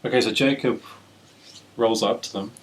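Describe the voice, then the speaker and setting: A man's voice: medium pitch, fairly even intonation, moderate pace, heavy background noise. A man co-hosting a casual film commentary podcast, laid-back with dry asides. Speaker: podcast co-host.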